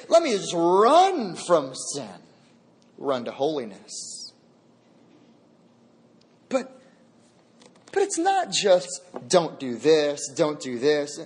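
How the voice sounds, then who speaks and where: A man preaching a sermon as a pastor, emphatic and repeating key phrases for weight. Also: sits high.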